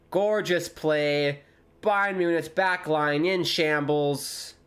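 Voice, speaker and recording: A man chatting casually on a live football watchalong stream, rambling between excited reactions to the match. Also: fairly high pitch, slow, smooth.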